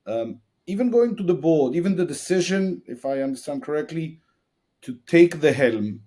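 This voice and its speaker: A man hosting an interview, reflecting and telling anecdotes in a relaxed conversational way. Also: fairly high pitch, moderate pace. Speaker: interview host.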